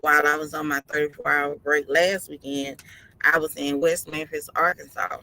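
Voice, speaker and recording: Tired woman trucker with a sharp voice. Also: deep voice, flat delivery, moderate pace, poor audio. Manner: earnest, repeats advice for emphasis. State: tired, yawning. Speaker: truck driver hosting a live stream. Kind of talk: casual live-stream talk. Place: inside her parked truck cab.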